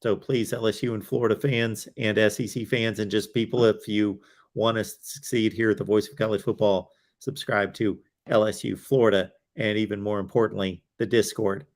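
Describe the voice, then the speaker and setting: Here a college football livestream host talks at normal speed in a fairly low, fairly level voice. Weary and going hoarse, he chats in a rambling, casual way, padding his talk with fillers and remarks to himself.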